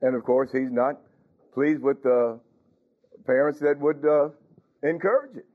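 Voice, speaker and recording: Over a tinny, phone-like recording, a man delivers a sermon a little slowly in a medium-pitched voice. His manner is conversational, and he often chuckles and checks if the congregation is following.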